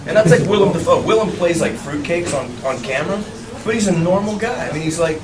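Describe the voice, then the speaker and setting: Animated man telling stories on a panel. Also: on the high side, quick pace. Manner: animated, laughing, profane anecdotes. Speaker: actor guest. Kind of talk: casual storytelling. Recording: echoey venue, far mic, loud crowd.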